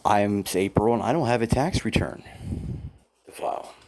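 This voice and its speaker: A man's voice: on the low side, normal speed, a little mellow. A man telling his own story in a casual first-person account, aggrieved, blunt and profane, quoting what others said to him. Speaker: former employee telling his grievances.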